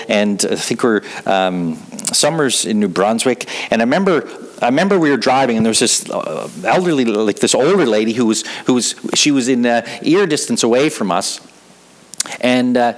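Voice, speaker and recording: This sermon comes from a middle-aged pastor whose voice sits in the mid range, captured on a rough recording. Earnest throughout, he builds each point by repeating words.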